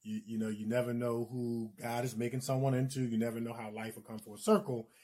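A middle-aged man co-hosts a casual talk show. He tells his stories in a relaxed, easygoing way, with a chuckle never far off. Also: medium pitch, fairly quick. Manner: relaxed storytelling, laughs easily. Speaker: co-host. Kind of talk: casual chat.

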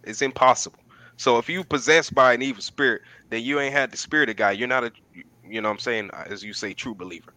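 Podcast guy, bright voice, dry sound, loose slangy storytelling, says man a lot. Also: medium pitch, fast talker, dry recording, rough recording. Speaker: podcast co-host. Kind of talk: casual chat.

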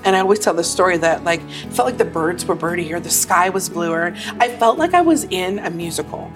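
A woman being interviewed as an actor and singer, telling stories in a lively, emotional way. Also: fairly low pitch, brisk, over music. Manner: animated, emotional, acts out quotes. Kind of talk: casual storytelling interview.

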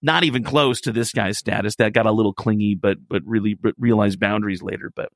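A man telling a story on a radio talk show, in a casual, animated way, laughing through it. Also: on the low side, fast, no room sound, clean studio sound.

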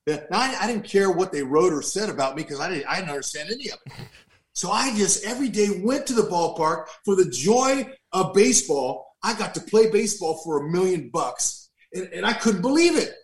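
A former baseball player in his fifties tells a long story in an animated, laughing way, throwing in asides. His voice sits a little high for a man. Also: brisk. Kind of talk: storytelling interview.

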